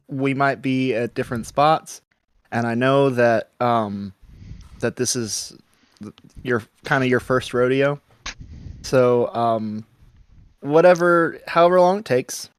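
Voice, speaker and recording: A man's voice: mid-range voice, takes it slowly, long pauses, clean tone, no echo. Chill guy player in a tabletop game, dry close mic. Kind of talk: casual tabletop play.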